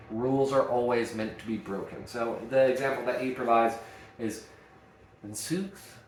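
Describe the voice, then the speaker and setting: A man's voice: mid-range voice, a little hiss or hum. A man giving a casual, emphatic lesson on acting. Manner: emphatic, energetic. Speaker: acting teacher. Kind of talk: casual teaching monologue. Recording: echoey room.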